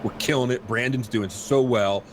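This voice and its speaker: A man's voice: medium pitch, moderate pace. Guy hosting a podcast from his house, rambly and self-mocking, lots of hiss behind him. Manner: rambling self-deprecating storyteller, animated. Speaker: podcast host. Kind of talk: casual chat. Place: home.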